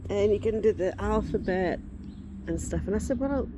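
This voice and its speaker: A woman's voice: medium pitch, lively intonation, normal speed, background noise. A woman in her forties chatting casually outdoors as a vlogger, rambling and breaking off to shoo insects. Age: 40s. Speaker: vlogger showing reborn dolls. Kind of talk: casual chat. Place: outdoors in the sun.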